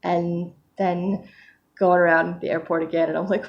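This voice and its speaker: A woman's voice: on the low side, lively intonation, a little slow. A woman recording a casual video diary at home, talking hesitantly with many fillers, her voice still a little worn from crying earlier. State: recently crying. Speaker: vlogger.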